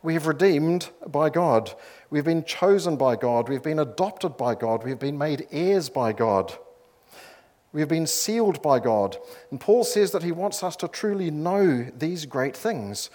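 A man's voice: on the high side, lively intonation, unhurried, a little mellow. A man preaching a sermon in a conversational way, with storytelling asides and emphatic repetition.

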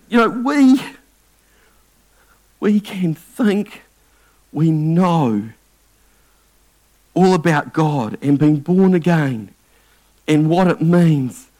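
A man's voice: a little high, a little mellow. A man preaching a sermon in an earnest way, often stumbling and repeating words as he restarts.

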